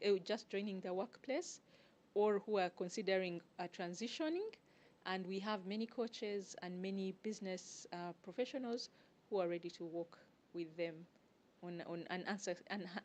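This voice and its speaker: Woman explaining, measured and deliberate. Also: medium pitch, a little mellow. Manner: measured, explanatory, pauses often to find words. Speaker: guest, networking group organizer. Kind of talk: interview answers.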